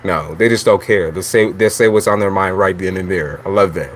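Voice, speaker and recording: Blunt, laughing lower-voiced man. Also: fairly quick, a little hiss or hum. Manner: blunt, chatty, swears freely, laughs often. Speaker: tarot reader. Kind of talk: casual livestream monologue.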